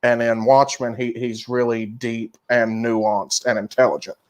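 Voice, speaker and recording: A male podcast co-host talking in a casual, emphatic way, swearing freely as he recommends things. His voice sits at an ordinary middle pitch. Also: level tone, unhurried. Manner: emphatic, profane, recommending with energy. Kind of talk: casual chat.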